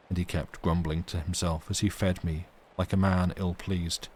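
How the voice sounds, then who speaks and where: A man reading a classic novel aloud on a livestream, steady and measured. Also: low voice, husky. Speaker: reader.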